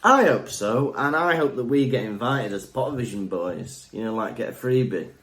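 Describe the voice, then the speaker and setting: A man's voice: medium pitch, normal speed. A young man co-hosting a podcast, chatting casually in a jokey, rambling way. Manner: jokey, rambling, lively storytelling. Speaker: podcast co-host. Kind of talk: casual chat.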